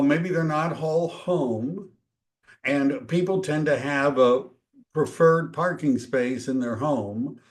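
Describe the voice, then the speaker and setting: A man teaching a real estate training, talking casually and acting out quick dialogues with homeowners. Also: medium pitch. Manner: conversational, acts out dialogues. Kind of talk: training talk.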